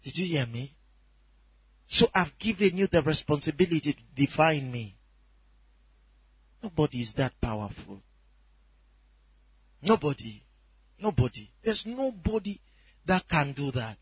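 A man preaching a sermon, emphatic, rising to shouts and a crying tone on scripture. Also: fairly high pitch, expressive, a little slow, long pauses, breathy edge, dry recording. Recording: dull lo-fi dry sound.

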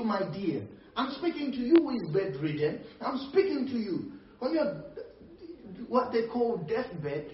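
A male preacher with a very high-pitched, unhurried voice delivers a sermon, calling out to his congregation, checking in with them and laughing between points in an animated way. The recording sounds dull and echoey, from a distant mic.

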